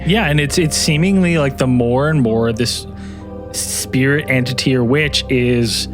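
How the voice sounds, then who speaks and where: A man's voice: medium pitch, unhurried, music in the background. A man co-hosting a podcast, reacting with jokes, laughs and swearing in casual chat. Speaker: podcast co-host.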